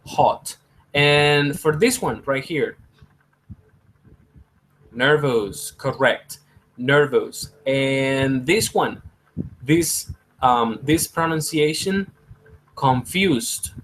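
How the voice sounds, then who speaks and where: A man leads an English lesson, stretching each word slowly and repeating it. His voice sits a little high for a man. Now and then he slips into rapid to explain. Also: low-quality recording. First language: Spanish. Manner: drawn-out repeated words, switching to quick Spanish asides. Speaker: English teacher. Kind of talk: slow classroom pronunciation drill.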